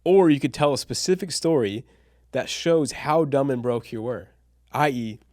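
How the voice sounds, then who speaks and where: A man's voice: mid-range voice, moderate pace, a little mellow, no room sound, clean studio sound. A young man teaching a casual online copywriting lesson, chatty and slangy, calling listeners bro and dude and laughing at his own examples.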